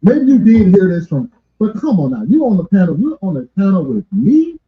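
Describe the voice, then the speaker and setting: High lively guy arguing on a panel, blunt and swearing, echoey muffled clip. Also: a little fast, slight background noise. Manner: blunt, argumentative, profane. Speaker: panelist on a talk show. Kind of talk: heated panel debate.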